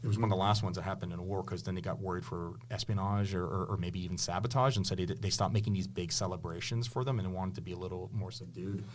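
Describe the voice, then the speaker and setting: A man's voice: low voice, fairly even intonation, fast talker, hardly any pauses. A man, a history teacher and author, telling stories with eager enthusiasm and many restarts in a casual interview. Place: indoors with a podcast host.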